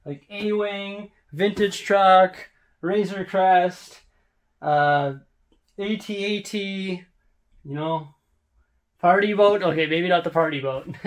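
Casual rambling man with a higher voice. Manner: relaxed, rambling, lots of "like" fillers. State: out of breath. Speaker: vlogger. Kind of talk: casual vlog chat. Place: house, rooms and stairs.

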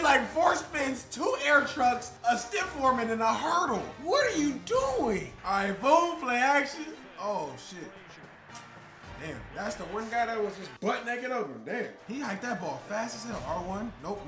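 Young dude yelling at his football game, high voice bouncing all over, swears a lot, loud game music and echoey room. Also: unhurried. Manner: excitable, swears, trash talk. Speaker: gaming YouTuber. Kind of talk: casual gameplay commentary.

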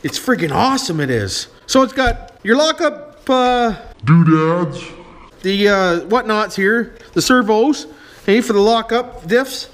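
A man's voice: high-pitched, expressive, measured pace, a bit bright. A man from doing a casual unboxing review of a toy truck, folksy and full of repeated catchphrases, calling his viewers boys. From Canada. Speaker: RC hobby reviewer. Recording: roomy sound with faint noise.

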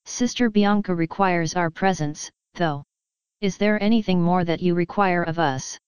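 A woman's voice: lowish voice, normal speed, darkish tone, smooth, no room sound, natural voice. A woman voicing a polite, diplomatic young warrior sister who speaks in a courteous, formal way.

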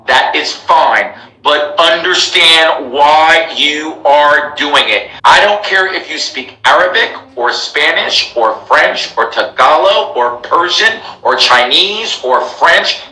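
A man's voice: a little high, lively intonation, slow, few pauses, sharp tone, roomy sound, recorded from a distance, low-quality recording. An American man who teaches English, speaking emphatically in a live interview, repeating himself and addressing his followers. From United States. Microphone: laptop call.

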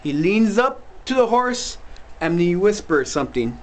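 A young man with a high-pitched voice tells a joke at home-video ease. He rambles, stops for side remarks and sounds pleased with himself throughout. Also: big pitch swings, a little slow. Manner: rambling, self-amused, with asides. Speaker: amateur joke teller. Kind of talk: casual joke telling.

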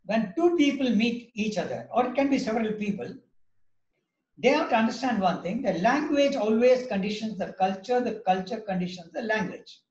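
A man's voice: high-pitched, animated, normal speed, a little mellow, reverberant, highs cut off. A man with an Indian English accent giving a lecture, emphatic and anecdotal, repeating his key points.

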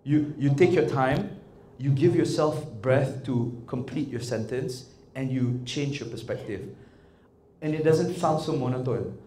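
A man leading an interactive workshop, talking in an animated, coaxing way and often checking in with the audience. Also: medium pitch, a little slow, a little hiss or hum. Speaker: workshop trainer. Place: indoor workshop room. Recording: echoey room with faint ambience.

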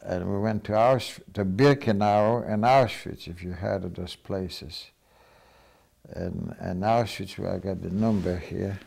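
A man's voice: sits low, unhurried, creaky, darkish tone, breathy edge. An older man giving plain, matter-of-fact testimony as a Holocaust survivor. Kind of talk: personal testimony.

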